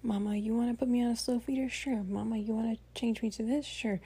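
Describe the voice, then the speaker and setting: A woman's voice: fairly high pitch, steady tone, fast talker, dark tone, breathy edge. A woman voicing her polite, obedient pet cat, agreeing breezily in a half-whisper. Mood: agreeable.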